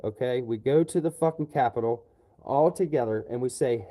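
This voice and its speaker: A man rants angrily about politics on a livestream, swearing often, repeating himself, and ending lines with "you know." His voice is warm and medium-pitched at a moderate pace, and the recording is rough.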